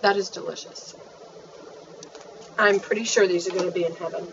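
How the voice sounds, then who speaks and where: A woman's voice: lowish voice, fairly even intonation, normal speed, far from the mic, noisy background. Gushing, chatty woman vlogger. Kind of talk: casual chat. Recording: dull, faint, off-mic home recording.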